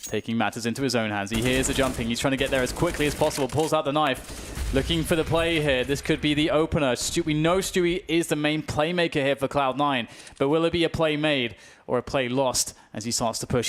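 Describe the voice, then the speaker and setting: A man with a British accent calling live esports play-by-play, talking fast and rising to excited shouts on big plays. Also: mid-range voice. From United Kingdom. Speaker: esports caster. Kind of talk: play-by-play commentary. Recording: clear background noise.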